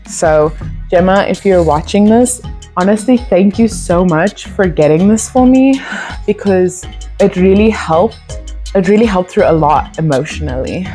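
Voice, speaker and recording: A woman's voice: lowish voice, a little slow, warm tone, soft background music. A young woman from South Africa with a South African accent, telling a rambling, casual storytime vlog full of fillers. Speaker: vlogger.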